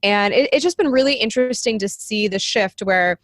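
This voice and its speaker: A woman's voice: medium pitch, a little fast, fairly bright tone, dry recording, clean studio sound. A woman guesting on a podcast, chatting casually and laughing easily. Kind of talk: casual interview chat.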